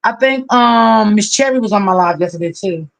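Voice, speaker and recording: A chatty livestream host who talks casually to the audience and greets viewers by name with long, drawn-out hellos. The speech is familiar and loose, full of terms like honey and baby. The voice sits at an ordinary middle pitch. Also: creaky. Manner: warmly familiar, calls people honey and baby.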